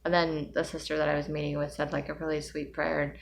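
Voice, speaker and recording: Woman, middle-aged, low voice, tired with a migraine, rambling casual vlog, faint background hum. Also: flat delivery, quick pace, vocal fry. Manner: weary, rambling, with sighs and soft laughs. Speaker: vlogger.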